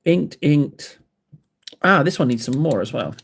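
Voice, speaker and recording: A man's voice: on the high side, animated, unhurried, slightly rough. A man hosting a livestream, chatting while painting miniatures, self-mocking and rambling, a little out of breath. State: slightly out of breath. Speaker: livestream host. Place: hobby desk indoors.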